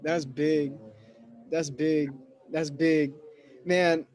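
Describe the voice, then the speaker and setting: A man's voice: a little high, steady tone, moderate pace, a little mellow. A man hosting a conversation, recapping his guest's points and hyping him up. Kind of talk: conversational interview.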